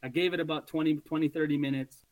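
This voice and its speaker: A man guesting on a podcast, telling a hunting story in an animated, casual way and swearing freely. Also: a little high, fast talker, no room sound, phone-quality sound.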